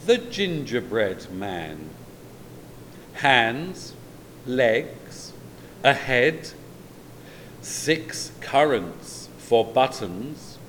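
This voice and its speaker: A man reading a children's story aloud in an expressive, drawn-out way. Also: mid-range voice, a little hiss or hum.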